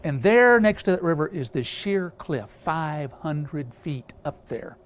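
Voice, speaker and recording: A man's voice: fairly high pitch, lively intonation, slow pace, slight background noise. A man preaching a storytelling sermon, rambling with many filler sounds and restarts.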